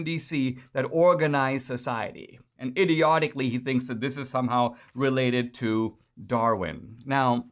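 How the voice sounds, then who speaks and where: A man giving a lecture-style political commentary in a sarcastic, lecturing manner. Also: mid-range voice.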